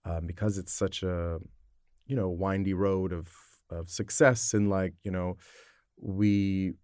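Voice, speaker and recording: A man with a lowish voice chats as a guest on a podcast, winding through his thoughts with lots of fillers. He gets animated when he tells a story. The sound is dry and close, with no room around it. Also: slow pace, no echo. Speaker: guest, actor. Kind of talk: casual conversation.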